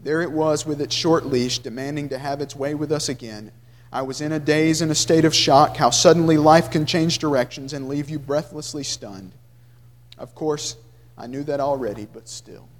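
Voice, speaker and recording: A man preaching a sermon, reading a grieving father's account aloud with earnest, slow emotion that drops soft at the grave moments. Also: a little high, steady tone, in a large hall.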